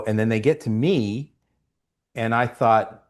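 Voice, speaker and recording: A man's voice: medium pitch, slow pace. A man, an actor guest, telling stories in an interview and acting out quoted lines. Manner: animated storyteller, acts out quotes. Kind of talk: storytelling interview.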